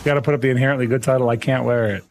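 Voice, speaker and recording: A man's voice: medium pitch, steady tone, very fast, a little mellow, a little hiss or hum. A young adult man streaming a game live, chatting casually and playfully protesting his innocence with frequent laughter. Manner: playful, mock-indignant protesting, laughing often.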